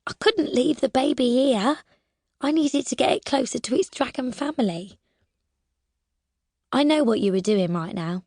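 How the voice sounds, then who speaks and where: A woman narrating a first-person adventure audiobook in a lively, expressive way, now and then dropping to a whisper. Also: high-pitched, moderate pace, long pauses, dry recording, studio quality.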